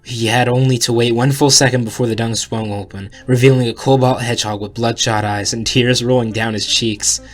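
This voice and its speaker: A man's voice: medium pitch, fairly even intonation, fairly quick, hardly any pauses. A man reading a fan story aloud in a casual way, with joking asides.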